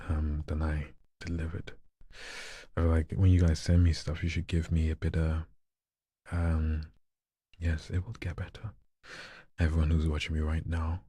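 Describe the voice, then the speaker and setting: A man doing voice practice on a livestream, reading viewer scripts in a slow hushed delivery that slips into whispers, and chatting with viewers between reads. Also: a bass voice, breathy edge, dry recording. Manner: chats to viewers in between reads, quicker and louder. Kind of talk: live practice reading of viewer scripts, mixed with casual chat.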